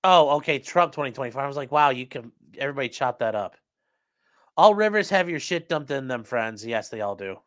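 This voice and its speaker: The speaker is a man hosting a casual stream, fooling around and reading his chat's comments aloud as he rambles on. He has a medium pitch, a fairly bright tone, and an animated, fairly quick way of talking.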